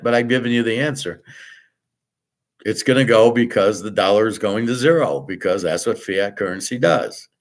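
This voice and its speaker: A man hosting his own show, ranting bluntly and with frequent profanity, exasperated and repetitive as he explains the same point again and again. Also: on the low side. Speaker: host. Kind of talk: ranting monologue.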